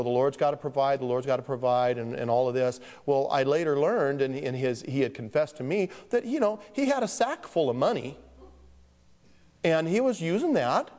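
With a slightly high, darkish voice, a man delivers a sermon as pastor, voicing the characters in his stories and poking fun at himself. The sound carries a long hall reverb.

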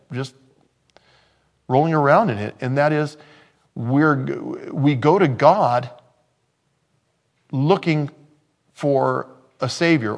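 Starting with quiet scripture reading, a mid-range-voiced male pastor builds his sermon into loud, emphatic preaching.

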